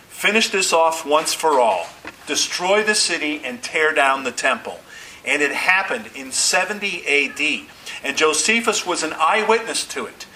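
Bright-voiced male pastor preaching. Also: on the high side, poor audio. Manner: deliberate preaching with emphatic pauses and rising stresses. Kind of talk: sermon. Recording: faint hiss.

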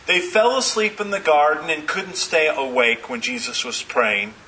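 A man's voice: fairly high pitch, normal speed, pushed and bright, recorded from a distance, poor audio. A man preaching a sermon, retelling scripture with dramatic, emphatic repetition.

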